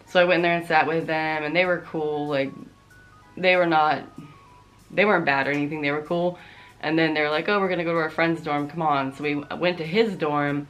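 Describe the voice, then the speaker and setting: A woman's voice: deep voice, fairly quick, faint music behind. A young adult woman vlogger telling a story in a casual, profane, sarcastic way. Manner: profane, sarcastic, animated retelling.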